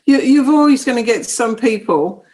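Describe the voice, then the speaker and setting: A woman's voice: on the high side, lively intonation, moderate pace, darkish tone. A woman guest on an interview, a psychic medium who speaks bluntly and firmly and explains steadily in everyday phrases. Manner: blunt and firm. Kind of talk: interview conversation.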